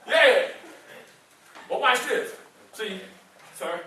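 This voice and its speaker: A man giving a lively motivational speech to students. He teases them playfully, asks them questions and waits for their answers. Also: very high voice, slight background noise. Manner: playful, teasing, asks the audience questions and laughs often. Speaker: motivational speaker. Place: indoor room with a student audience. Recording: very echoey room, mic far off.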